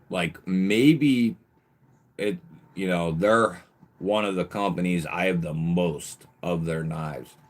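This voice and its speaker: A man hosting a casual live stream, greeting viewers by nickname with lively bursts of emphasis and the odd swear word. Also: low-pitched. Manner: occasional mild swearing. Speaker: livestream host.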